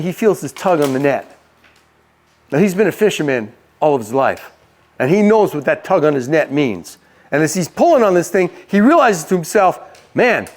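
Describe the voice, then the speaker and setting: A male preacher tells a story in a relaxed, chatty way and asks his listeners questions. His voice sits high for a man. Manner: conversational, asks the audience questions. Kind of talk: storytelling sermon.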